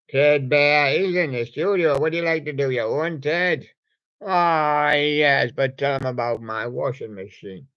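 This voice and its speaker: A man with a slightly high voice speaks a little slowly as he hosts a live radio show, meandering and mumbling while chatting to toy guests. The rambling chat is on a dull, lo-fi recording.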